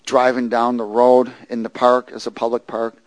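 A man preaching and telling his testimony, moving from loud preaching to hushed storytelling. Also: mid-range voice, completely flat delivery, moderate pace, dry recording, poor audio.

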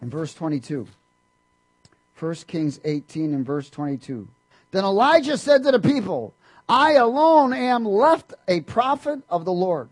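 A man preaching a sermon, reading scripture aloud and breaking in with fervent asides and hallelujahs, swinging from loud bursts down to quiet murmurs. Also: high voice, sing-song, measured pace, husky. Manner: frequent "hallelujah" interjections.

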